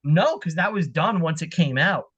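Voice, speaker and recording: A man with a fairly high voice appearing as a guest on a podcast. He is talkative and tells stories with lively energy. His tone stays casual and conversational. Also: moderate pace, muffled recording.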